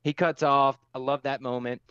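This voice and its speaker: A man's voice: medium pitch, little pitch movement, normal speed, fairly bright tone, clear, resonant tone, dry recording. A man co-hosting a podcast, talking casually and telling his reactions with emotion. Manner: emotional, enthusiastic storytelling. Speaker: podcast co-host. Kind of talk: casual chat. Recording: slightly dull dry sound.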